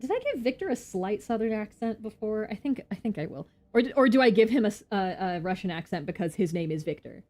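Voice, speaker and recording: Excitable woman streaming a game. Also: medium pitch, fast talker, hardly any pauses. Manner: excitable chatty reactions.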